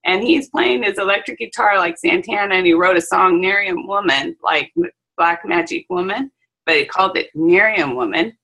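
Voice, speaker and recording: A chatty salon owner talks over a video call, with a low, gravelly voice and a husky edge. She tells her stories in a lively way, full of "you know" and "um". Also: moderate pace, low-quality recording. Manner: chatty, animated storytelling with fillers. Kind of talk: casual chat on a video call.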